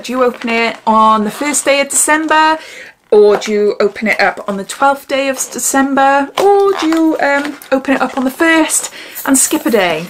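A woman's voice: high voice, slight background noise. Giggly woman chatting through an unboxing. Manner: chatty, giggly, drops to whispers while sniffing. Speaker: beauty vlogger. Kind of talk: casual unboxing chat.

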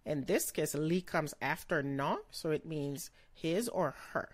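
A woman giving a slow vocabulary lesson, pronouncing each word carefully and repeating it. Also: low-pitched, no room sound. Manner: slow, careful pronunciation with repetitions. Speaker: language teacher.

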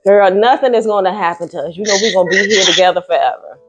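A woman's voice: mid-range voice, fast, slightly rough, faint music behind. A woman on a prank phone call and vlogging afterwards, casual and apologetic. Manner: apologetic, emphatic, talks with friends nearby. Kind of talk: casual phone chat and vlog talk.

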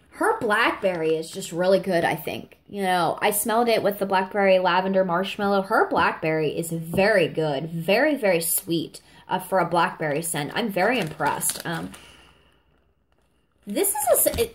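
A vlogger reviews scented products in a casual, gushing chat, full of fillers and a little sniffly, calling her viewers "y'all." Her voice is on the low side, with slight background noise.

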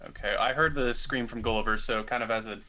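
A man taking part in a tabletop role-playing game, with a bright, forceful voice. He describes his character's actions and drops in wry little asides. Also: mid-range voice, steady tone, fast. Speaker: player.

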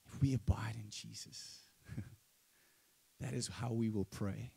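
A man's voice: on the low side, steady tone, slow, vocal fry, dark tone, husky. A male pastor with a South African accent preaching a sermon, emphatic and rising on key phrases.

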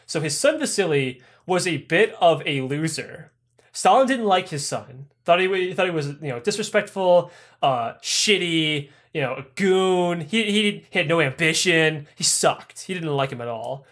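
A man's voice: on the high side, expressive, moderate pace, a bit bright. A man telling history as a comedy story, swearing a lot and acting out people's lines. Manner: crude, profane, acts out characters' lines. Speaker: podcast host.

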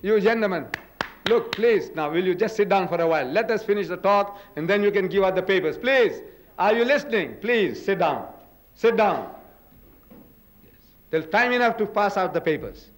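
An older man giving a religious lecture at a podium in a hall, dramatic, with booming quotes and rhetorical questions. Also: animated, normal speed.

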